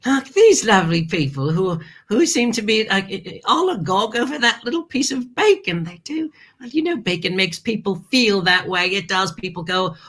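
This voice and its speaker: A woman's voice: mid-range voice, very animated, normal speed, few pauses, a bit bright. A woman hosting a family learning show, chatting playfully and theatrically, with frequent asides and calling viewers "darling.". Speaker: host.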